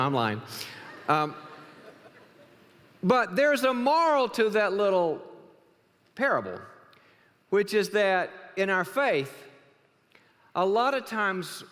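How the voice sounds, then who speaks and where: A man's voice: sits high, fairly bright tone. A man giving a humorous church talk as a guest speaker, telling a joke story to the congregation. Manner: joking storyteller. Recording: reverberant church hall.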